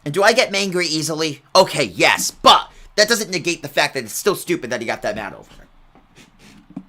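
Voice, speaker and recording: A man's voice: fairly high pitch, animated, normal speed, pushed and bright. A young man telling rambling, casual stories at halftime of an online game broadcast, with bursts of exaggerated outrage.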